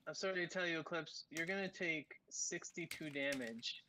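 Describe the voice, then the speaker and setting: A game master narrating a tabletop game in a halting way, with many ums and frequent laughs. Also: medium pitch, noisy background.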